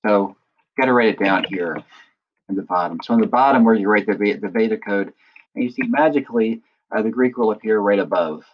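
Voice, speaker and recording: A man acting as instructor, patiently walking through a software tutorial and often checking in with listeners. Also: lowish voice, brisk, highs cut off, slight background noise. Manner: patient step-by-step explaining, often checks in with "right?". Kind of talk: screen-recorded software tutorial.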